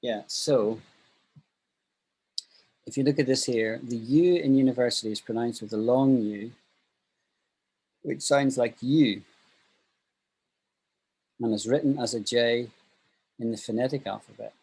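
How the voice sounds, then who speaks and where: A man teaching an online English class, upbeat and thinking out loud as he explains. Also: medium pitch, steady tone, moderate pace, long pauses, slightly rough, rough recording.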